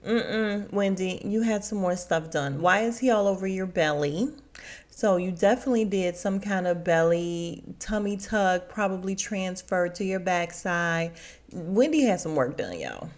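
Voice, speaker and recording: A young adult woman hosts her own podcast, recapping a reality show in casual chat. Her voice is fairly low, animated, a little slow and darkish in tone, and she laughs while acting out quotes in big voices.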